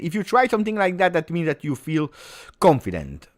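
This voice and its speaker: A man giving live football reaction commentary, excitable play-by-play mixed with exclamations. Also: on the high side, moderate pace. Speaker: football watch-along streamer.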